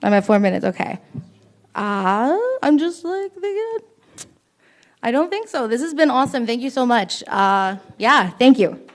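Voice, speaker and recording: A woman's voice: on the high side, expressive, unhurried. A young woman from Canada doing a stand-up set at a small open mic, telling rambling, self-deprecating stories with frequent giggles.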